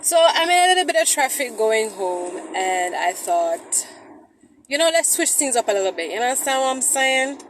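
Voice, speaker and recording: A woman's voice: fairly high pitch, very animated, moderate pace, rough recording. A woman hosting a Christian vlog, talking chattily to viewers from her car in traffic. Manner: chatty, preachy, addresses viewers as guys. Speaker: vlog host. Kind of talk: casual Christian vlog talk.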